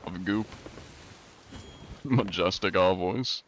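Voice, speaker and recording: Give me a relaxed young male streamer with a lowish voice chatting with his viewers. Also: moderate pace. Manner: relaxed, rambling, filler-heavy. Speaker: livestreamer. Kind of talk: casual chat with stream viewers.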